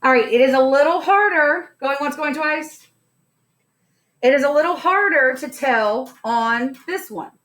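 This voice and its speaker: High-voiced woman teaching a science class. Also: animated, a little slow, a bit bright. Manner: upbeat and playful, asks the class questions.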